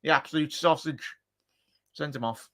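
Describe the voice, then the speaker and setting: Excitable Scouse man calling a match live. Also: on the high side, moderate pace. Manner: excitable, shouts at big chances; chatty, jokey asides. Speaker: watchalong commentator.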